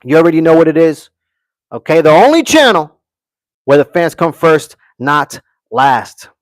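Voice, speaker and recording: A man hosts a live stream with brash, opinionated fight commentary, reading chat comments aloud and answering them while repeating "okay" and "guys." His voice is on the high side and very animated at a measured pace, with no room sound.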